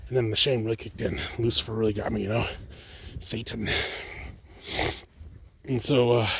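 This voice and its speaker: A young man hosting his own channel talks casually to viewers outdoors while picking up his mail, telling a personal faith story. He rambles, corrects himself and addresses them as "guys." His voice is medium-pitched and creaky with a breathy edge.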